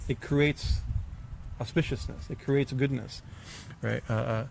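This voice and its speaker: Guy with a gravelly voice teaching scripture, lots of uh uh and restarts, faint hiss behind. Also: medium pitch, fairly even intonation. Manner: halting, many fillers and restarts, chuckles, bursts of emphasis. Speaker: swami giving a scripture class. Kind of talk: informal religious discourse.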